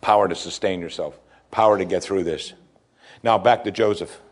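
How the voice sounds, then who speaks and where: A male pastor delivering a sermon, preaching emphatically with pitch that climbs and falls. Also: steady tone, normal speed.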